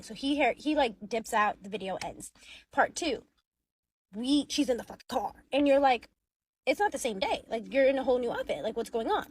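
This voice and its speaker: A young woman casually recapping a story, chatty and animated, often acting out what people said. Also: fairly high pitch, normal speed, a little hiss or hum, poor audio. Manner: chatty, animated, acts out quotes. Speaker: social media commentator.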